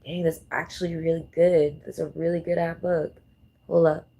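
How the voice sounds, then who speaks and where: A woman hosting a casual vlog, rambling and thinking out loud as she fumbles through numbers. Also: sits low, flat delivery, moderate pace, gravelly. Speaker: channel host.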